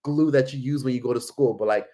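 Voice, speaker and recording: A man's voice: mid-range voice, quick pace, warm tone. A man casually telling a travel story to camera, rambling, swearing freely and leaning on filler words. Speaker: vlogger.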